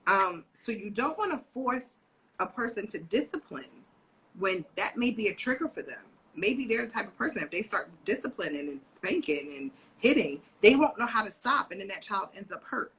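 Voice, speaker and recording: A woman's voice: mid-range voice, normal speed, a little hiss or hum, poor audio. A woman co-hosting a live video chat on parenting, talking casually and acting out voices from her family life. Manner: animated storyteller, acts out her daughter's voice. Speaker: co-host and parent educator.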